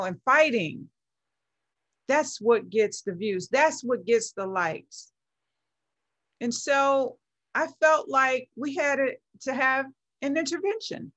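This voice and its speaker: A middle-aged woman with a fairly high voice speaks slowly and with passion. She stresses her points and builds them by repeating phrases. She sounds like a guest giving a motivational talk. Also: fairly bright tone. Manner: emphatic, builds phrases by repetition. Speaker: guest, founder of a women's movement.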